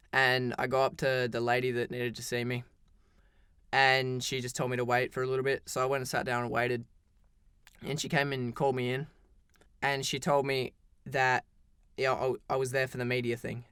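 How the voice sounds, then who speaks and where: A man's voice: medium pitch, fairly bright tone, smooth, no room sound, clean studio sound. A teenage boy telling a story in a casual, rambling storytime style, full of "like" and restarts. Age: teens. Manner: rambling, heavy use of "like", frequent restarts.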